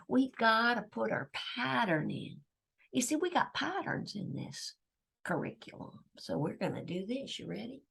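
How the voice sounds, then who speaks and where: A woman's voice: mid-range voice, vocal fry. A middle-aged woman teaching a children's grammar lesson, patiently drilling question-and-answer chants.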